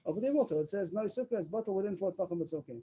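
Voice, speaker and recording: A man leads a Talmud class over a video call, talking quickly and weaving Hebrew and Aramaic terms into his English. His voice sits a little high but sounds dark and husky. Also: lively intonation, poor audio. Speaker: Talmud teacher. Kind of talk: daf yomi Talmud class. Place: online meeting room.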